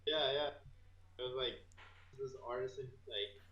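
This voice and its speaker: A man's voice: medium pitch, normal speed, pushed and bright, muffled recording. A young man chatting as a podcast guest in a laid-back, filler-heavy way. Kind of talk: casual chat.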